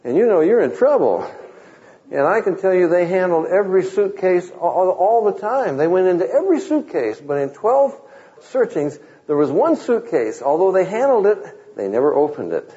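A man's voice: high-pitched, sing-song, moderate pace, mellow. A man preaching a sermon, quoting scripture and telling wry stories in a conversational way. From Southern California. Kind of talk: sermon with humorous anecdotes. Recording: muffled lo-fi recording.

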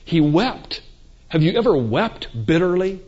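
A man preaching a sermon emphatically, swinging between loud climaxes and quiet moments, with rhetorical questions. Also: sits high, animated, a little slow. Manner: emphatic, rising and falling for effect, rhetorical questions. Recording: dull lo-fi recording.

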